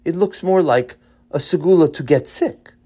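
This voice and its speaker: Man doing a calm, sensible friend. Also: a little high, normal speed, slightly rough, voice pushed up. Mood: gentle.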